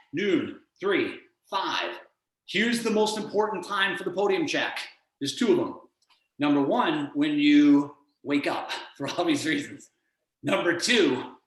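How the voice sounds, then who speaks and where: A man giving an energetic motivational coaching talk as a guest on a video call, often acting out other people's voices. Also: a little high, roomy sound, low-quality recording.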